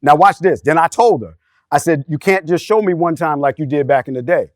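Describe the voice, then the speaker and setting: A middle-aged man telling a candid personal story in casual podcast talk, animated and street-casual. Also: a little high, a little fast, dry recording, studio quality. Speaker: podcast panelist.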